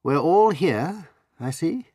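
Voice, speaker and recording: A man's voice: on the high side, lively intonation, takes it slowly, warm tone, dry recording, studio quality, voice pushed up. A man reading an audiobook, voicing a confident, cool-headed English adventurer with an assured delivery. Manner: cool, assured, sometimes soothing.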